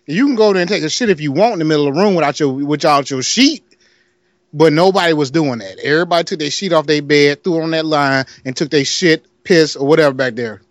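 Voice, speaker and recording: A man from Detroit with a slightly high voice talks quickly while spinning a long, casual story on a podcast. He laughs often and performs the other people's lines himself, and the recording has no echo.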